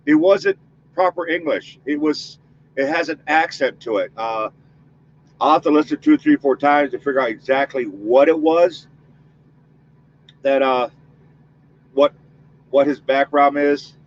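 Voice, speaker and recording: A man's voice: mid-range voice, measured pace, long pauses, lo-fi sound, a little hiss or hum. A man hosting a spirit-box session, chatting casually with his audience and leading a spoken protection prayer. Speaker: paranormal investigator host.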